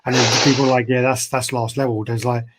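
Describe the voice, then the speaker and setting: A man's voice: mid-range voice, little pitch movement, quick pace, slight background noise. A man co-hosting a casual chat about collectible statues, blunt, swearing freely and laughing often. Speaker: collectibles show co-host.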